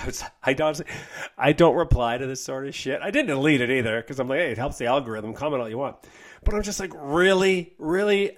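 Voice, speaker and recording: A man who is a health coach, ranting on his podcast in a blunt, profane, mocking way. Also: on the high side. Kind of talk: casual podcast rant.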